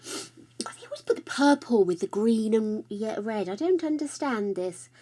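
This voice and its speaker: A woman's voice: fairly high pitch, lively intonation, measured pace, dark tone. An older woman chatting casually on a live stream, affectionate and talkative, calling her viewers darlings. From United Kingdom.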